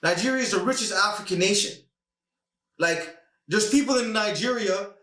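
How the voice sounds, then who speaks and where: A man hosting a casual podcast, talking fast and emphatically about a fight, now and then mimicking other people. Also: high-pitched, sharp tone. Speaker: podcast host. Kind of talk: animated casual podcast rant. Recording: echoey room, distant mic.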